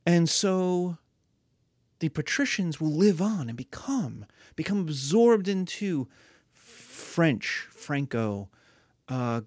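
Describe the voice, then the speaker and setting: A woman teaching history in a lively, storytelling way, with her pitch swinging widely. Her voice is dry and close to the mic. She keeps the lecture animated. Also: slow pace, no room sound.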